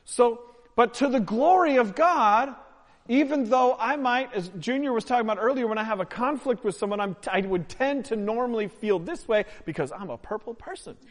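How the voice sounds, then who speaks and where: A man with a high voice preaching to his congregation in a church sanctuary. He keeps it playful, teasing the crowd and pulling them into the message. His voice rings out with a long reverb in the hall. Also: lively intonation, moderate pace. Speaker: pastor. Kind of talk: sermon with audience participation.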